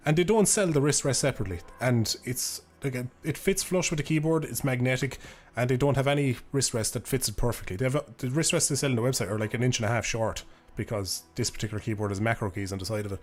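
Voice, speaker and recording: A man's voice: mid-range voice, fast talker, few pauses. A young Irish man chatting casually on a live stream, rambling, laughing and swearing offhandedly into a desk microphone.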